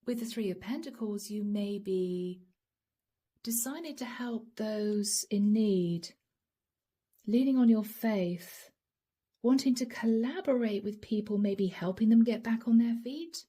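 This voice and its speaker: A woman gives a tarot reading straight to her viewers in a mellow, slightly breathy voice. She is earnest and emotional, and she often sinks into soft whispers. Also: medium pitch, measured pace. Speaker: tarot reader.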